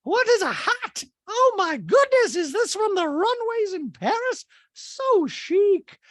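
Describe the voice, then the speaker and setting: A man putting on a mocking impression of a gushing, over-the-top rich woman in a shrill, breathless falsetto. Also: very animated, slow pace, fairly bright tone, no echo, studio quality, exaggerated voice.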